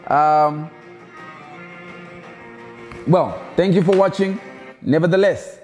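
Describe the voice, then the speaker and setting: A man's voice: fairly high pitch, lively intonation, normal speed, darkish tone, soft background music. A man hosting a live stream, chatting casually with viewers and repeating his calls to them. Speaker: live show host.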